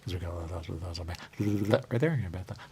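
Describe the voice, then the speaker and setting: Hosting a radio talk show, this man speaks in a deep, slightly mellow voice at a rapid-fire pace. His monologue rambles and repeats itself, looping on phrases, drifting into sing-song murmuring, and returning again and again to "there you go." There's slight background noise.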